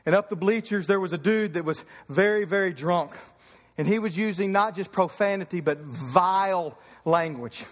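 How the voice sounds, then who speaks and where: A man's voice: high voice, moderate pace, long reverb tail. A man in his thirties from Kentucky preaching a fervent sermon, telling stories from the pulpit. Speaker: pastor.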